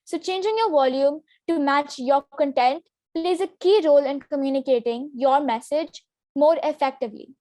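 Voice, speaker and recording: A young woman presenting a public speaking lesson in a clear, instructive way. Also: high voice, normal speed, warm tone, no room sound, clean studio sound. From Singapore. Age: teenager. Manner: clear, instructive delivery with demonstration sentences. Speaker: student workshop presenter.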